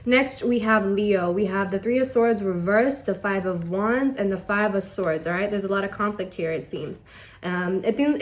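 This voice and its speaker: A woman's voice: medium pitch, a little mellow. Woman giving a casual tarot reading. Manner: direct, coaxing, tags lines with okay and all right. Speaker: tarot reader.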